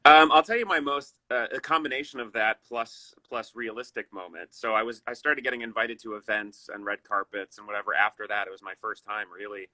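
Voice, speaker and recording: A man's voice: fairly low pitch, fairly quick, few pauses, sharp tone, dry recording, rough recording. A man being interviewed over a video call, telling anecdotes in an easygoing way. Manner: easygoing, apologetic, tells anecdotes. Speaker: actor, guest. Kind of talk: interview storytelling.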